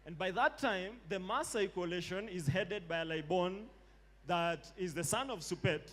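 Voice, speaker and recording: A man with a Kenyan accent giving a casual storytelling lecture at a live event, relaxed and slangy, dropping in Swahili phrases. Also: high-pitched, moderate pace. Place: live talk event indoors.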